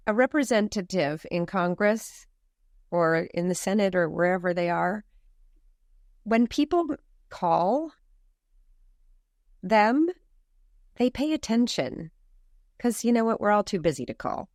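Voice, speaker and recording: A woman from the United States speaking as a podcast guest, animated and emphatic, with many rhetorical questions. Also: mid-range voice, measured pace, pauses often, no room sound, clean studio sound. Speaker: farm movement founder, guest. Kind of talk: podcast interview.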